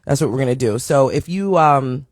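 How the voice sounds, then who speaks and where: A woman hosting a live stream show, talking casually with a raspy morning voice, reading and answering viewer comments and greeting people as they join. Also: rumbling low, lively intonation, moderate pace, dry recording. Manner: playful sing-song shout-outs to viewers joining.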